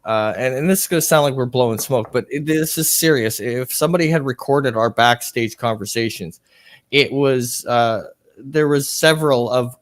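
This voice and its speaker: Male co-host in casual chat, stumbles over his words, laughs a lot, mid-pitched voice. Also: moderate pace. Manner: stammering restarts, laughs often.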